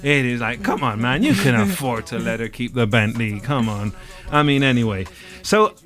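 A man's voice: mid-range voice, lively intonation, moderate pace, a bit bright. A man hosting a podcast, chatting casually about music in a wry, rambling way. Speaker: podcast host.

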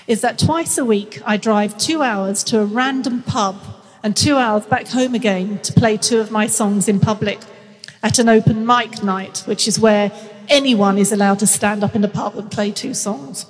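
Speaking at medium pitch and a moderate pace, a sixties-aged woman with a nasal North London accent appears as a guest author. She talks candidly and reads self-mockingly from her memoir, with long hall reverb on the sound.

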